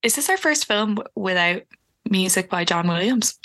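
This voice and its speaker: Bright-voiced Irish woman, chatty. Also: mid-range voice, animated, normal speed. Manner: chatty and inquisitive, asks questions. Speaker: podcast co-host. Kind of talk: casual chat.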